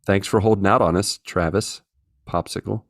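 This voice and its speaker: Joking man, lowish dry voice. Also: steady tone, normal speed, gravelly, dry recording. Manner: joking, reads out listener messages. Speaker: podcast co-host. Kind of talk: casual chat.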